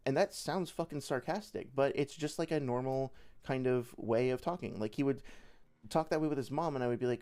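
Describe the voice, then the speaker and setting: A man's voice: mid-range voice, a little fast, a little mellow. A young man giving casual livestream commentary as a debate reviewer, rambling with many fillers and restarts.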